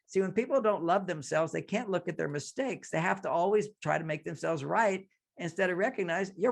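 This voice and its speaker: Animated older man telling stories. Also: high voice, brisk, vocal fry. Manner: animated storyteller, acts out quotes, laughs often. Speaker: guest relationship expert. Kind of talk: radio interview, explaining with stories.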